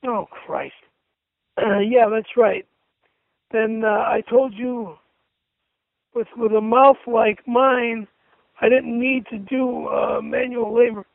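Man, angry profane rant, reads out punctuation, gravelly voice, tinny phone line. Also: very high-pitched, fairly even intonation, slow, long pauses, no echo. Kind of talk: angry rant reading messages aloud.

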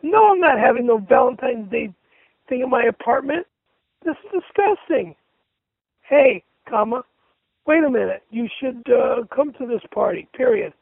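A man's voice: very high-pitched, animated, normal speed, vocal fry, no echo, narrow, tinny audio. A man ranting furiously and cursing while reading messages aloud, punctuation and all.

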